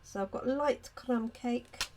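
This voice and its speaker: Unhurried, chatty woman crafter. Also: a little high, very noisy. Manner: chatty, talks to viewers by name and answers their comments. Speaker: craft demonstrator. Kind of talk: live card-making demonstration.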